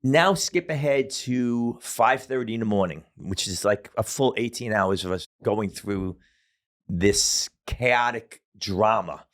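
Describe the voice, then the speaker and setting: A man's voice: lowish voice, slow pace. A middle-aged man telling a story as a podcast guest, casual and profane, with many fillers.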